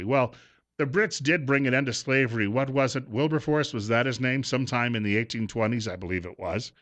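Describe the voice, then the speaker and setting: A man's voice: mid-range voice, a little fast, fairly bright tone. A middle-aged man hosting talk radio, delivering a sarcastic, combative opinion monologue. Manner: sarcastic, combative, reads quotes aloud.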